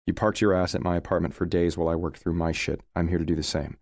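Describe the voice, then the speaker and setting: A man's voice: low-pitched, level tone, fast talker, a little mellow, dry recording, studio quality. A man narrating a romance audiobook in the first person, with a wry, sardonic delivery.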